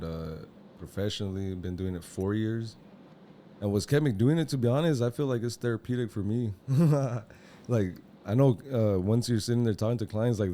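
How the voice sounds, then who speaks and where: Quiet soft-spoken man, low dark voice. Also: slight background noise. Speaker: barber, podcast guest. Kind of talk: casual interview chat. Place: podcast studio.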